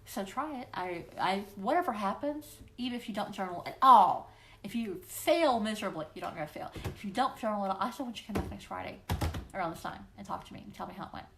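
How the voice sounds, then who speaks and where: A woman's voice: mid-range voice, animated, fast, creaky, slight background noise. A woman hosting a weekly live question-and-answer stream, talking casually and encouragingly to viewers and playfully acting out voices. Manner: playful, encouraging, often acts out quoted voices. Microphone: livestream computer microphone.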